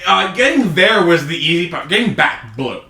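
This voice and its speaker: A man co-hosting a casual podcast with friends, telling game stories excitedly, laughing and swearing. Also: a little high, moderate pace. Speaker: podcast co-host. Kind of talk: casual chat among friends. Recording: roomy echo, distant mic, faint noise.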